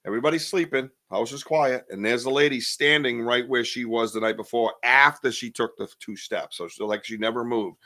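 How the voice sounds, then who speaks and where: A man's voice: mid-range voice, brisk, few pauses, sharp tone. A man in his fifties hosting a podcast, telling a personal story in a casual way and acting out what people said. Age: 50s. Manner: vivid storyteller who acts out what people said. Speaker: podcast host.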